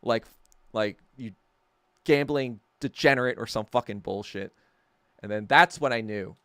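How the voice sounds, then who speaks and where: A man's voice: on the low side, moderate pace, a bit bright, no echo, studio quality. A man hosting a podcast, telling a story in a heated, profane, sarcastic rant. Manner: sarcastic, laughing at himself. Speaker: podcast host. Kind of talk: casual rant.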